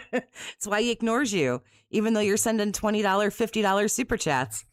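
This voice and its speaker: A woman co-hosting a stream, casually chatting and gently pushing back on the host. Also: mid-range voice, normal speed, no echo, studio quality. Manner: calm, gently contrarian, reads out chat messages. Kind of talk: casual reaction chat.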